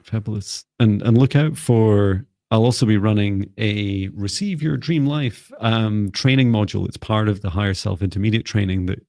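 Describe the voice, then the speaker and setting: A man hosting a live psychic reading, speaking gently and calmly with frequent ums. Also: fairly low pitch, normal speed, few pauses, dry recording, clean studio sound. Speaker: psychic mentor, co-host.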